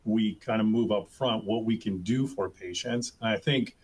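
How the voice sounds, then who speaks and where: Man on a panel, kinda low voice, chatty, lots of ums and likes. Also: moderate pace, a little mellow, breathy edge. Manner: informal, many fillers. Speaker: healthcare revenue leader, panelist. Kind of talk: panel discussion.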